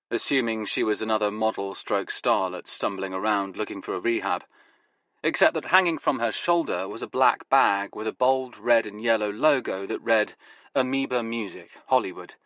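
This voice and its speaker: Bright-voiced male audiobook narrator. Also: on the low side, dry recording. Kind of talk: first-person scripted narration.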